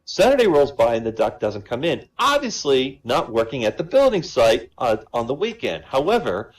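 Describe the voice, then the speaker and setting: A man's voice: mid-range voice, big pitch swings, moderate pace, rough recording. A man telling long joke stories in a casual, chatty way at a comedy show.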